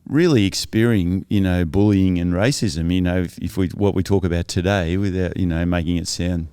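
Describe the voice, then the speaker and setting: A man's voice: sits low, fairly quick, warm tone, smooth, no room sound, clean studio sound. A man as a podcast guest, earnestly telling his life story in a thoughtful, reflective way that is often self-correcting.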